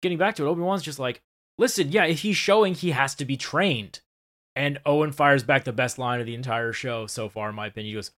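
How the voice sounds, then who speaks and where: A man co-hosting a casual podcast, recapping a show with animated, swearing retellings. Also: medium pitch, fast talker. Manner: animated, swearing, acts out scenes in quoted voices. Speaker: podcast co-host.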